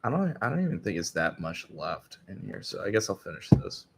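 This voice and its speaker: A man casually reacting to videos and chatting with viewers in a playful, animated way. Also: deep voice, brisk, gravelly, husky.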